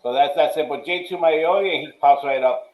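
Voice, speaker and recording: Man, show host, easygoing, higher voice, roomy echo. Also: fast. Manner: easygoing, asks questions and gives shout-outs. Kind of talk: casual interview.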